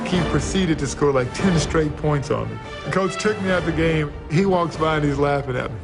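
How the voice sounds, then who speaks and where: A man with a somewhat high, gravelly voice tells a story from his rookie year and pokes fun at himself. Music plays clearly underneath his voice. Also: a little fast, few pauses. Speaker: former pro basketball player. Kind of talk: storytelling interview clip.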